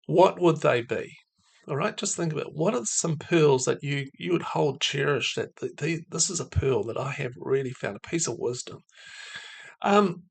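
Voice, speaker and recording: A man giving a reflective devotional talk on faith and mental health, musing aloud with fillers and soft laughs. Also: fairly high pitch, creaky.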